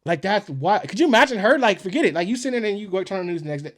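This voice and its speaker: A man hosting a reaction channel, talking in a rambling, animated way and saying "like" a lot. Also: high voice, very fast. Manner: animated, rambling, heavy use of "like". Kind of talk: casual chat.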